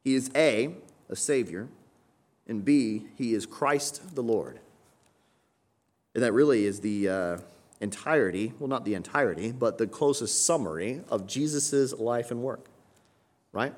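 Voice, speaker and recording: This sermon comes from a man whose medium-pitched, darkish voice is animated yet a little slow, with frequent pauses. He teaches conversationally, often adds "right?" after a point, and raises his voice on important phrases.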